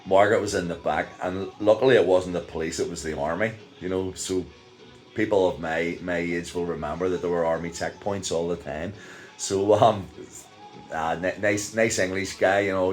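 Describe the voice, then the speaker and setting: Older Northern Irish man, deep low voice, casual chuckling storyteller over faint music. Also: fairly even intonation, normal speed. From Northern Ireland. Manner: rambling, chuckles often, many fillers. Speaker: vlogger.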